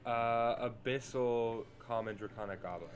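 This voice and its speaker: A man playing a tabletop role-playing game, reacting with loud exclamations. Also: medium pitch, a little slow. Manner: excitable, exclaiming. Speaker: player. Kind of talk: casual tabletop game play.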